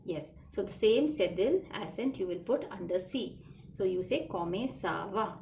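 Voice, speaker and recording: A woman's voice: medium pitch, animated, normal speed, gravelly, mellow. A woman teaching a children's French lesson, patiently repeating phrases and spelling words out letter by letter. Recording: echoey room, faint background noise.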